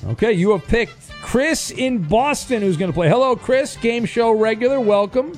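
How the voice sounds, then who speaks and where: High bouncy guy running a radio game show bit, jokey, lots of uhs. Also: moderate pace, faint music behind. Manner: animated and jokey, fumbling with fillers.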